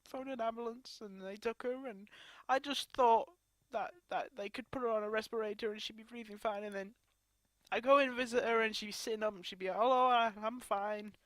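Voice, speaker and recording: A woman crying as she talks to her camera in a grieving personal vlog, her speech halting and broken by sobs and restarts. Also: a little high, fairly even intonation, a bit bright, no echo. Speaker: vlogger.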